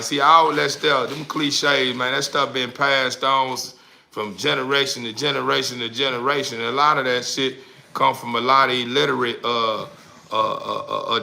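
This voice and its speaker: Gravelly-voiced man ranting to his chat. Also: medium pitch, pushed and bright. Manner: rambling, repeats the same questions, crude slang. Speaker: livestreamer. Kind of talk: profane ranting to a live chat.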